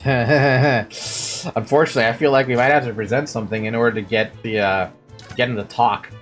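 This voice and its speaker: A woman's voice: a bass voice, steady tone, normal speed, soft background music. A woman giving casual, blunt commentary over a game playthrough, swearing freely. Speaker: let's play streamer.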